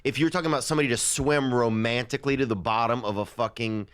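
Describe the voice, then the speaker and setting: A man's voice: medium pitch, fast talker, a crowd in the background. A man co-hosting a casual podcast in brash bro-speak, swearing freely. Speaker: podcast co-host.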